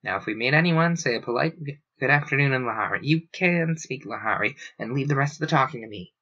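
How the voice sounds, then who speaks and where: A wry, kindly man talks low and gently, as a man reading aloud puts him on. His voice has a bright clarity under the softness. The recording is dull and lo-fi. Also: lively intonation, quick pace. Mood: urgent.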